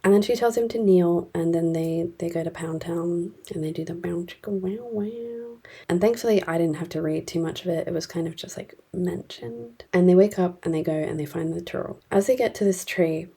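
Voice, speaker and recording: A woman's voice: lowish voice, brisk, creaky, few pauses, mellow, slightly rough. A woman casually recapping a novel she read, rambling with lots of fillers and the odd whispered aside. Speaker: book reviewer.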